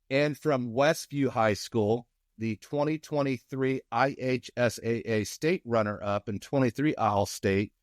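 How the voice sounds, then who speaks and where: A man's voice: mid-range voice, no room sound, clean studio sound. A man hosting a podcast, upbeat and joking as he introduces guests in casual chat. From Indiana, USA. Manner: upbeat, laughing, quick introductions. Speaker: podcast host.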